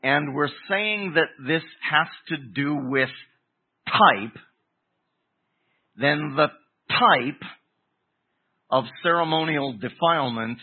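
Slow, husky-voiced man preaching, phone-thin sound. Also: a little high. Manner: deliberate, emphatic teaching with pauses. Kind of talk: expository sermon. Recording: tinny phone-like recording.

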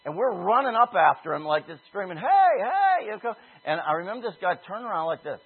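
Male preacher, higher husky voice, animated storytelling, phone-quality audio. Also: fast. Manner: animated storytelling, shouting out quoted calls. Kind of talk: sermon with personal story. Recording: husky voice over a tinny phone-like line.

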